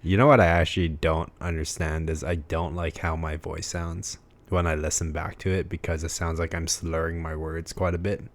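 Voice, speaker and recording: A young man with a deep, very low voice chats casually as a podcast co-host. He is easygoing and self-deprecating, recorded in a small living room. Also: flat delivery, normal speed. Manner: laid-back, self-deprecating. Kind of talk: casual chat.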